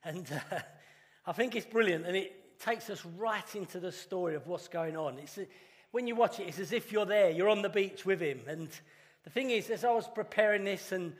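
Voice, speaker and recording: Guy giving an easter sermon, kinda high voice, big echoey church, slows down for the dramatic bits. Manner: earnest, conversational with dramatic pauses. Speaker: pastor. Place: church hall. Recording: long reverb of a church hall.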